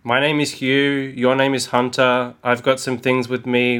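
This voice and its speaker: A man's voice: mid-range voice, little pitch movement, measured pace, few pauses, a bit bright, clean tone. A man co-hosting a casual chat about a book, playful and wry, often correcting himself. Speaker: podcast co-host.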